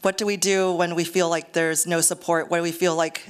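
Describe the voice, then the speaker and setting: A middle-aged woman gives a lecture to a live audience in an earnest, conversational way, with a dry joke here and there. Her voice sits on the low side and comes across smooth and clear. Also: flat delivery, a little fast. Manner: earnest, conversational, self-deprecating humor. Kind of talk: public lecture.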